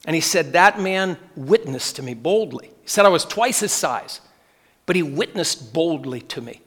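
A man's voice: fairly high pitch, lively intonation, moderate pace, a bit bright, breathy edge. A man preaching, telling a story in earnest, repeating key phrases and quoting the people in it. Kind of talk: sermon storytelling. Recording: long reverb of a large hall.

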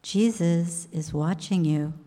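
A woman voicing a sly talking parrot that guards a house, giving flat warnings in a slow, echoing hall. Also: lowish voice.

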